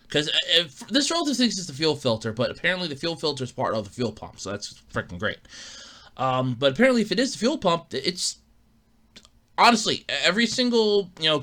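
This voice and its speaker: A man's voice: a little high, bright, forceful tone. A man hosting his own podcast, telling a rambling, exasperated story in casual talk and swearing freely. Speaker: podcast host. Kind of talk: casual solo monologue.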